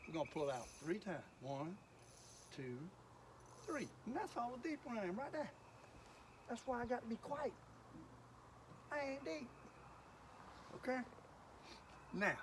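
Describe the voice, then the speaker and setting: An older man chatting folksily as he fishes outdoors on a lake, exclaiming at each bite. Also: sits high. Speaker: fishing video host. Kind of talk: casual fishing commentary. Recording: outdoor ambient noise.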